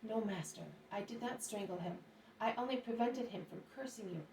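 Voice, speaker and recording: A woman's voice: fairly high pitch, moderate pace, a little mellow, close to an everyday voice. Lady voicing a panicky young guy disciple, urgent and exclaiming, echoey room, mic far off. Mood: frantic. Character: frantic young male disciple, breathless and alarmed. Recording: roomy, distant mic, faint hiss.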